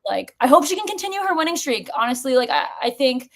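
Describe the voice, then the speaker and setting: A woman's voice: sits high, big pitch swings, fast talker. A woman co-hosting a live fan podcast, chatting casually in an emphatic, gossipy way. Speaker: podcast co-host. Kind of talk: casual recap chat.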